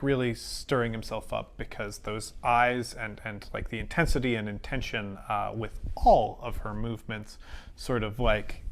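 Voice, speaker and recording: A man playing a tabletop game, narrating his moves in a rambling, excitable way full of fillers. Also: fairly low pitch.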